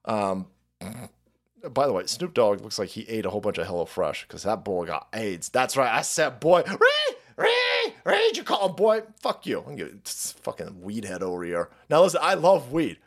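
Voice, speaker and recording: Foul-mouthed, animated male ranter. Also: fairly low pitch, moderate pace. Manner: profane, mocking, loud. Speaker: stream host. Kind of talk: ranting commentary on clips.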